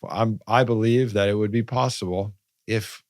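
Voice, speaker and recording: A man's voice: fairly low pitch, fairly even intonation, moderate pace, dry recording, studio quality. A man speaking as a podcast guest, earnest and searching, with some stammering starts. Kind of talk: casual spiritual conversation.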